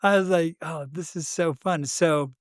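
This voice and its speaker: A man co-hosting a podcast, telling a story in a casual, animated way, acting out quoted dialogue and laughing often. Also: a little high, a little slow, dry recording, clean studio sound. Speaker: podcast co-host.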